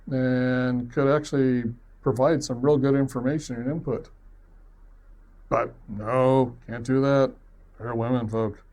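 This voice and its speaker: A man of medium pitch recounting a story from his own life. He rambles along in a loose, conversational way, self-deprecating, with an easy chuckle here and there. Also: a little mellow. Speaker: web series producer. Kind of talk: personal storytelling.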